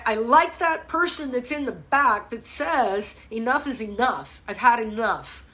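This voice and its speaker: Animated, bright-voiced woman fitness coach. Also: high-pitched. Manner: blunt, animated, swears freely. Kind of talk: live-stream chat. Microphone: phone or webcam mic.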